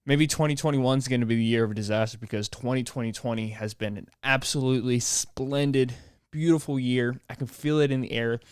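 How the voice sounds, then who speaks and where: A man's voice: medium pitch, brisk, clear, resonant tone, no echo. Sarcastic young man, dry close sound. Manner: deadpan sarcasm, rambling, laughs at own jokes. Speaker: podcast host. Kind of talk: sarcastic solo podcast rant.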